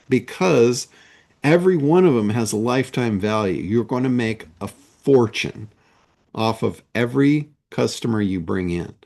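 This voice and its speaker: A business coach gives a motivational monologue in a creaky, somewhat dark mid-range voice. He speaks slowly and emphatically, underscoring his points with rhetorical questions.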